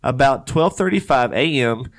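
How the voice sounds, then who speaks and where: A man co-hosts a loose, casual chat, reading odd news stories aloud. His voice is mid-pitched, and he breaks off often for joking, rambling asides and laughter. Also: expressive, normal speed. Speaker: podcast co-host.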